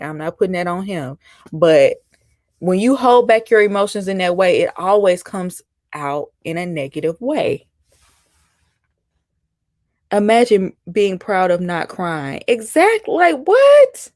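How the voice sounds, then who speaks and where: A woman's voice: lowish voice, normal speed, a little mellow, no echo. Woman, live-stream host, casual, chatty, dry recording. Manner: chatty, reacts to viewer comments, mimics people mockingly.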